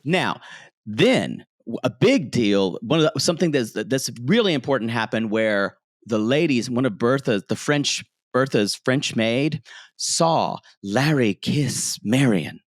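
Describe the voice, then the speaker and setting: A man co-hosting a podcast, telling a recap in an animated way. He bounces all over his pitch and slips into playful put-on voices for quotes, laughing as he goes. The sound is dry and close. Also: measured pace, no room sound. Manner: animated storyteller, acts out quotes, laughs often. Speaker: podcast co-host. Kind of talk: casual recap chat. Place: home, street noise outside.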